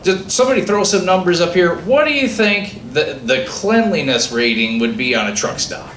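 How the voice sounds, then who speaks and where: A man doing a stand-up comedy set, telling a story with lively acted-out dialogue. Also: high-pitched, normal speed. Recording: echoey room with faint ambient noise.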